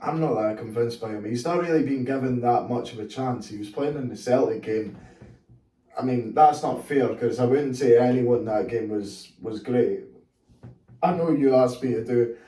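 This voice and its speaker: A man's voice: medium pitch, normal speed, dark tone, echoey room, recorded from a distance, rough recording. A man co-hosting a football podcast, laid-back and agreeable in casual chat. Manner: laid-back, agreeable, frequent "aye" and "yeah". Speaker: podcast co-host.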